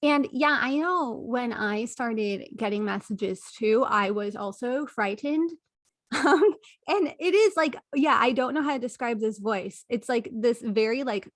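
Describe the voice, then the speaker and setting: A woman hosts a podcast interview with a fairly high voice in a dry, close sound. She affirms what her guest says and reflects aloud, thinking her way through each point. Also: dry recording. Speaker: podcast host. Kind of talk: casual interview conversation.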